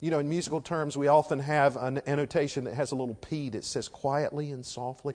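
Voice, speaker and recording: Preacher swinging from hush to shouts. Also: male voice, a little high, steady tone, brisk, few pauses. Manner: swings from hushed to shouting for emphasis. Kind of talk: sermon.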